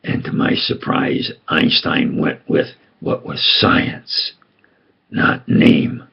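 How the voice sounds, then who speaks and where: An older man with a tough New York accent, a self-styled preacher and storyteller, delivers a rambling personal monologue slowly and deliberately in a deeply gravelly, rough voice. His pitch swings lively up and down as he presses his points with conspiratorial insistence, and the highs are cut off.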